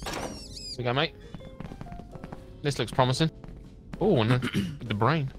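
A man's voice: medium pitch, expressive, measured pace, music in the background. A young man with a cheeky, laid-back manner, chatting casually while playing a game with friends. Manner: laid-back, cheeky, says mate a lot. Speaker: co-player. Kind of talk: casual gaming banter.

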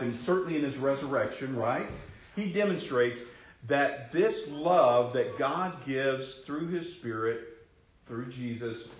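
A man preaching a sermon as a pastor, telling personal stories in an animated, conversational way. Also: medium pitch. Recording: roomy echo, dull lo-fi sound, faint noise.

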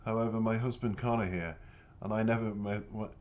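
A man reading the lines of a nosy, refined middle-aged woman, lifting his voice higher and asking prying questions. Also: steady tone, fairly quick, a little mellow, dull audio, slight background noise, close to an everyday voice. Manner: prying, inquisitive.

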